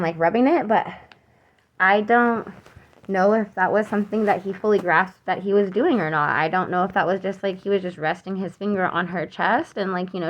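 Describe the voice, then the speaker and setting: A young woman giving an unscripted personal account, earnest and troubled, halting with many fillers and restarts. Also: medium pitch. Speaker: mother telling her own account.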